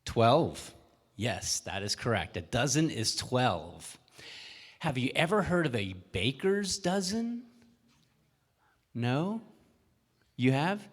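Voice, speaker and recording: A man's voice: medium pitch, very animated, slow pace, pauses often. A male minister telling a children's story at a worship service, asking the children questions as he goes. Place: church sanctuary. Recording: echoey church hall.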